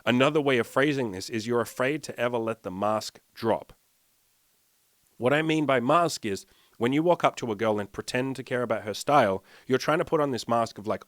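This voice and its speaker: A man's voice: medium pitch, a little fast, a bit bright, no room sound, clean studio sound. A man speaking as a dating coach in a casual monologue, blunt and profane, acting out quoted lines of dialogue.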